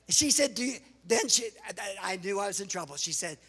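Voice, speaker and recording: A middle-aged American man, a pastor and missionary, telling lively stories with laughs and exclamations in a sermon to a congregation. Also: extremely high pitch, fairly quick, gravelly, hardly any pauses, slightly rough. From United States. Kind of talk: sermon storytelling with slides. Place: large church hall before a congregation. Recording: reverberant church hall.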